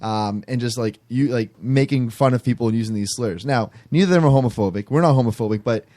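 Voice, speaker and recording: A man at an ordinary middle pitch spins a long story in a relaxed podcast chat. He rambles, backs up and restarts often, with plenty of fillers. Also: quick pace. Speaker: podcast guest telling a story.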